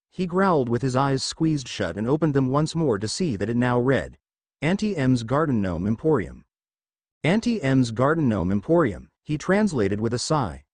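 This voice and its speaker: A man's voice: medium pitch, darkish tone, dry recording. A man narrating a fan fiction adventure story aloud, reading every character in near his own voice.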